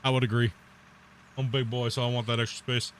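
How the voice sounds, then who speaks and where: A man's voice: medium pitch, level tone, quick pace, a little hiss or hum. A man chatting casually while streaming a game, rambling, repeating himself and laughing easily. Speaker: gaming streamer. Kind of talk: casual chat while playing.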